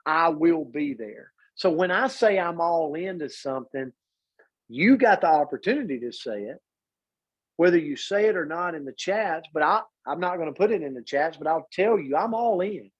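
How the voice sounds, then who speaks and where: A man's voice: on the high side, lively intonation, normal speed, husky, highs cut off. A man hosting a business video call, rallying listeners with direct questions.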